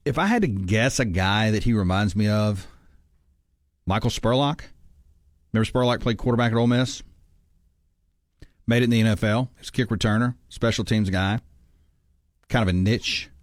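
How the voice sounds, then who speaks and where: A male sports radio host with a low voice. He chats through his picks and reads listener texts aloud, sure of his opinions. The sound is dry and close. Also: no room sound. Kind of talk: sports talk radio chat.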